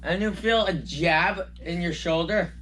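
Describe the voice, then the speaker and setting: A man narrating as game master of a tabletop game, halting and often repeating himself. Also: sits high, a bit bright, a little hiss or hum.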